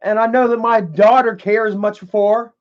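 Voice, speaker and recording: A man with a high-pitched voice talks off the cuff on a live stream, loose and rambling. He swears freely and leans on "man" and "you know". The audio is dull and lo-fi, with the top end muffled. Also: steady tone, a little slow.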